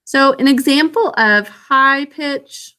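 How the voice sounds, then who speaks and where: A woman's voice: sits high, slow pace, sharp tone. Teacher woman talking through a lesson. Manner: casual, thinks aloud with self-corrections. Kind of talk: recorded classroom lesson.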